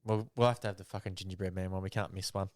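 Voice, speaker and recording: A man's voice: low-pitched, fairly even intonation, racing, a little mellow. A man with an Australian accent, co-hosting a podcast and telling a story in a laid-back way, swearing freely. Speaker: podcast co-host. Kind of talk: casual storytelling chat.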